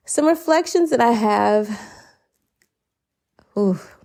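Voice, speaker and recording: A woman hosts her own solo podcast in an earnest, grateful monologue. Her voice sits at a middling pitch, and she drops short laughs between sentences. She sounds a little choked up as she talks. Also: a little slow, darkish tone. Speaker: podcast host. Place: lives abroad, based in Barcelona.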